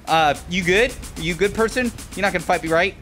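A man giving jokey, excitable commentary while playing a game, swearing and talking to enemies. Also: sits high, a little fast, faint music behind. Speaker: gameplay commentator. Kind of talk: casual let's-play commentary.

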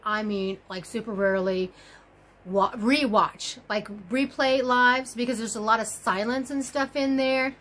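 A woman's voice: medium pitch, a bit bright. A woman chatting casually on her crochet video blog, rambling and gushing with lots of fillers and exclamations. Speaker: crochet YouTuber.

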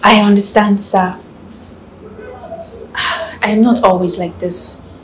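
Flustered, stammering young secretary played by a Nigerian actress, echoey office, faint hum. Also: female voice, medium pitch, fairly even intonation, measured pace, close to an everyday voice. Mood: nervous. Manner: flustered, stammering and eager to please. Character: nervous young woman, new secretary. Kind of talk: Nollywood film acting.

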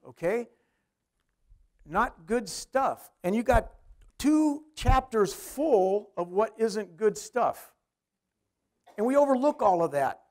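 High-voiced man giving a chatty sermon. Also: big pitch swings, slow pace, pauses often, darkish tone. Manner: conversational preaching, asks the crowd questions. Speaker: pastor.

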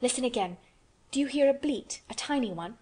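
A woman's voice: a little high, animated, a little fast, darkish tone, pitched above the performer's own voice, natural voice. A woman reading a serious, matter-of-fact young girl in a storybook, plain and earnest.

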